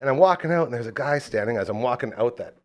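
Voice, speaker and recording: A man's voice: medium pitch, quick pace. A man in his twenties, host of a casual live podcast, telling stories and acting out quoted lines. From Canada. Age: 20s. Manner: animated, acts out quotes in story. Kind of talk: casual podcast chat and storytelling.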